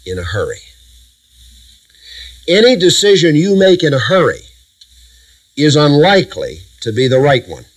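A middle-aged man with a voice on the high side preaches to a congregation, captured on a rough recording. Moving through Bible verses, he builds emphatic lists and pauses in a measured rhythm.

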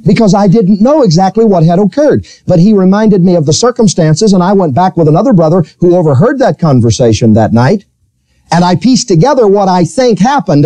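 Man, pastor, sermon, lively swinging pitch, mellow tone, dry sound. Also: no echo. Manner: storytelling preacher, animated, rising to high pitch when quoting. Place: church.

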